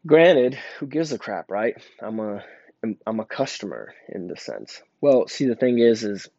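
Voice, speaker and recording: In a sing-song, creaky voice that's lowish and dark, a young store employee casually rambles through a work story, a little slowly and with plenty of fillers and restarts. The recording is dull, lo-fi and dry, with no room sound.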